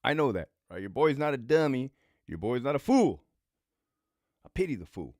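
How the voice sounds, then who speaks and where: A man in his forties talks on a casual livestream, blunt and profane, and hammers his points home by repeating them. His pitch swings a lot as he tells his stories. The sound is close and dry. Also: sing-song, moderate pace, darkish tone, no echo. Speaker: former prison lieutenant turned online host.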